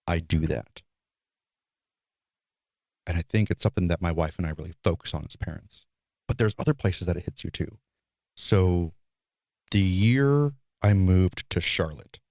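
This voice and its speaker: A middle-aged man in casual podcast conversation, thoughtful and measured as he works through his ideas. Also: low-pitched, a little mellow, no room sound, studio quality. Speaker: podcast co-host.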